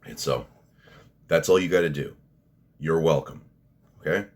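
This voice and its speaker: Guy with a super low voice, rambling vlog commentary, blunt and sweary. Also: unhurried. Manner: rambling, blunt, profane, frequent restarts. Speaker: fitness vlogger.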